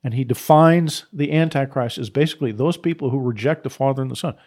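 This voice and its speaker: A man preaching on scripture, emphatic and unscripted, repeating his key phrases and pausing for restarts and asides. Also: medium pitch, darkish tone.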